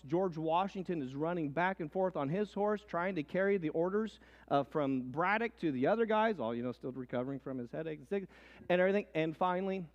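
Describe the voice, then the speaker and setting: A man teaching a history lesson as a lively story, swinging between hushed and excited delivery. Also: sits high, muffled recording. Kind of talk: animated history lesson with acted quotes. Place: church hall. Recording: long hall reverb.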